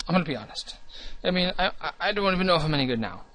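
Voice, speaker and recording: A young man with a slightly high voice, talking casually about his gaming channel. He rambles, restarts often and puts himself down. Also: animated, racing, fairly bright tone. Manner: rambling, restarts often, earnest and self-deprecating.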